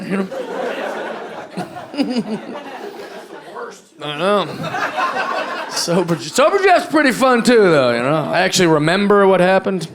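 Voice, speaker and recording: Man, stand-up comedian, high voice, loose rambling delivery, live club recording, faint crowd laughter. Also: very animated, slow pace, pauses often, background noise. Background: audience laughter.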